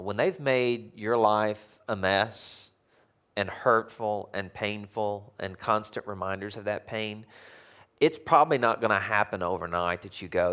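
Male pastor, lower register; conversational, animated sermon delivery with frequent chuckles. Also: a little slow. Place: church sanctuary.

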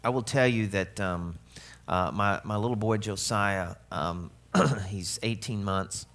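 A man's voice: lowish voice, unhurried, fairly bright tone. A middle-aged man preaching a sermon as pastor, conversational and humorous, with playful asides.

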